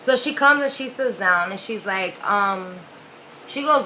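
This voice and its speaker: A woman's voice: medium pitch, lively intonation, normal speed, sharp tone, low-quality recording. A young woman telling a personal story in a casual, candid, profane way, rambling with lots of "like"s. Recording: faint background noise.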